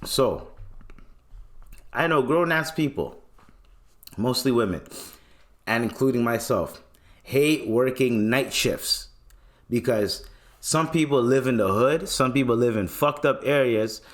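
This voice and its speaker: A young man from Canada hosting a solo podcast, rambling in a relaxed way with lots of slang and swearing. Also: medium pitch, slow, pauses often. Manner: laid-back, swears often, slangy, rambling. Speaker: podcast host. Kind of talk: casual solo podcast talk.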